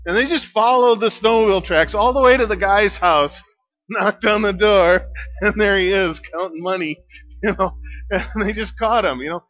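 A pastor tells stories casually during a sermon, chatty and full of fillers and chuckles. His voice sits high at a normal speed with a fairly bright tone and no echo, though the recording has a dull lo-fi quality.

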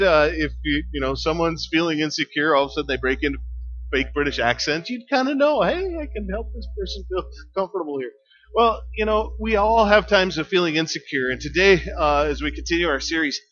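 A man's voice: fairly high pitch, pushed and bright. A man preaching a sermon as pastor, telling stories casually with lots of fillers and chuckles. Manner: chatty storytelling with many fillers and chuckles. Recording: dull lo-fi sound.

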